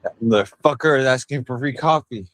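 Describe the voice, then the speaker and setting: A man's voice: medium pitch, brisk, a bit bright, no echo. A tipsy man live streaming while walking outdoors, rambling and bantering rowdily with his chat on a handheld phone. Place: outdoors on town streets.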